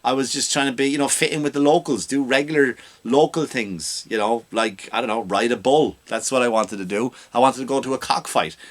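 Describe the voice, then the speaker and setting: A man's voice: mid-range voice, fairly quick, few pauses. A man hosting a comedy podcast, ranting in a rambling, self-mocking way.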